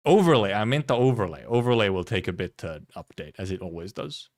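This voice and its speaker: A man's voice: fairly low pitch, expressive, fairly quick. A man from Finland, streaming and chatting casually, rambling, laughing often and swearing freely. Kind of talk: casual livestream commentary.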